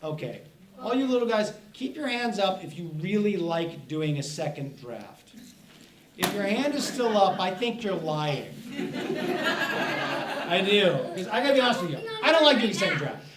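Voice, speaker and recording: A man's voice: high voice, sing-song, moderate pace, a crowd in the background. A middle-aged man, an author, giving a playful, storytelling presentation to children at a festival. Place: festival event room. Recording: echoey room, speaker far from mic, faint noise.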